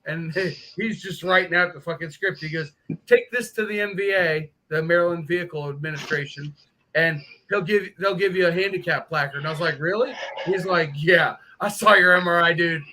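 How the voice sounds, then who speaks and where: A man's voice: on the high side, moderate pace, pushed and bright, a little hiss or hum. A man hosting a casual live stream, telling profane, joking stories and laughing often. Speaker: host of a live motorcycle stream.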